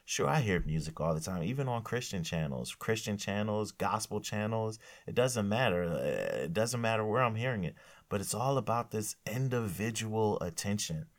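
A man's voice: on the low side, animated, normal speed. A man giving a conversational sermon, rambling at times and acting out little quoted exchanges. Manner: casual, rambling, self-correcting, acts out quotes. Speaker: preacher.

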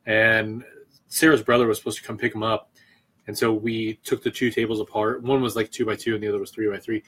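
A man's voice: lowish voice, flat delivery, fairly quick, a bit bright, husky. A man co-hosting a casual beer-tasting chat, a laid-back storyteller who swears often. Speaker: podcast co-host.

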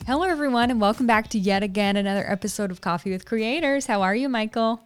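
A woman's voice: fairly high pitch, quick pace, clean tone, faint music behind. Woman, young adult, podcast co-host, bubbly, laughs often, casual chat. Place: home room. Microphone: video call.

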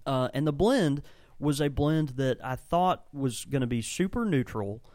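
A man's voice: mid-range voice, expressive, unhurried, a little mellow. A man with an ordinary mid-range voice chats casually on a podcast, piling up eager descriptions. The sound is dry and close, with no room echo. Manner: enthusiastic, rambling, descriptive. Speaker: podcast co-host and tobacco shop blender. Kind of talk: casual chat. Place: tobacco shop.

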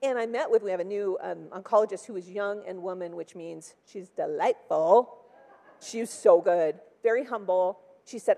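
A woman's voice: mid-range voice, moderate pace, creaky, dark tone, long reverb tail. A woman in her sixties giving a personal testimony from a church pulpit, chatty and full of "like" and acted-out quotes. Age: 60s. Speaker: church speaker. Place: large church hall.

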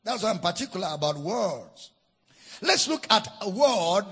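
A man with a Nigerian accent preaching a sermon, teaching with deliberate emphasis and spelling out words. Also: sits high, big pitch swings, bright, forceful tone, husky. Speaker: pastor.

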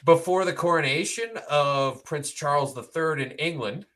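A man co-hosting a casual comedy chat, making wry deadpan quips with lots of fillers. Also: on the high side, normal speed. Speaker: podcast co-host.

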